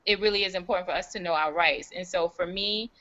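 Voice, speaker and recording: A woman with a fairly low yet very bright, sharp-edged voice speaks in a thoughtful, measured way and often pauses on um. The call audio is dull and lo-fi. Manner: thoughtful, measured, with frequent ums. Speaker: panel guest. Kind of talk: online panel discussion. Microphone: remote call audio.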